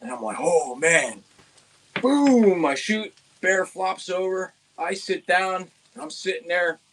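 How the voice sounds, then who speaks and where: A young man from Pennsylvania tells a hunting story in a loose, casual way. He rambles, restarts his sentences and gets animated at the exciting parts. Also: high-pitched, unhurried. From Pennsylvania, USA. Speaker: outdoors channel host.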